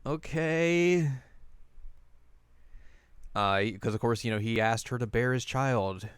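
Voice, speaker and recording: A man's voice: lowish voice, moderate pace, smooth, no room sound. A young man hosting a casual chat show, recapping an episode and acting out lines in silly voices. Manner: animated, acts out characters' lines in silly voices. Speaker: podcast host.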